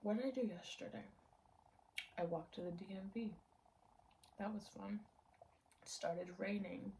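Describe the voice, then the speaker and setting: A young woman rambles to camera at home in an easy vlog chat. Her mid-pitched voice carries a gravelly fry, and she slips into half-whispers and laughs often. A faint hiss of noise sits under the recording. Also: a little slow, warm tone, rough recording. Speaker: vlogger.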